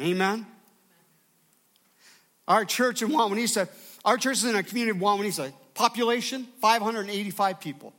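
A man's voice: high-pitched, a bit bright. A man preaching a sermon as pastor, emphatic and calling out to his congregation for response.

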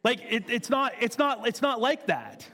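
In a reverberant hall with faint music behind him, a man preaches a church sermon full of storytelling, keeping it casual and conversational and repeating himself for emphasis. His voice sits at an extremely high pitch, very animated, pushed and bright, delivered at a moderate pace.

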